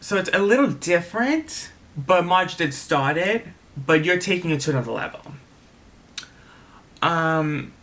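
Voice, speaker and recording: A man's voice: on the high side, expressive, unhurried, a bit bright. A man casually recapping a reality TV episode, candid and opinionated, swearing freely and repeating himself for emphasis.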